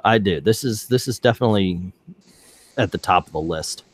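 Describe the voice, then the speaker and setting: A man co-hosting a casual film review chat, lively and teasing in his opinions. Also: low-pitched, fairly quick, no echo. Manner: lively, teasing, mocks with a droning impression. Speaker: movie review show co-host.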